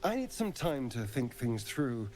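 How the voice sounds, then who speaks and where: Astarion, an arch, drawling elf companion. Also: male voice, mid-range voice, very animated, background noise. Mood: silky. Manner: selective, drawn-out enunciation with heavy stress on certain words. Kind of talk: video game voice acting.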